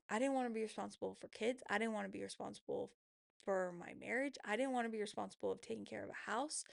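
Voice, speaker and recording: Woman, 30s, vlogger, confessional storytelling, heavy vocal fry, dry close sound. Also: a little high, no echo. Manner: emotional, confessional, quick asides. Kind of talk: candid personal storytelling.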